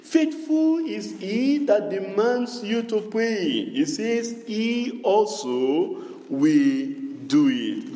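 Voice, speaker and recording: Man preaching slow n sing-songy, high lively voice, big echoey church hall. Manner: call-and-response preaching, repetitive, sing-song cadence. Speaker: pastor. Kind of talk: sermon.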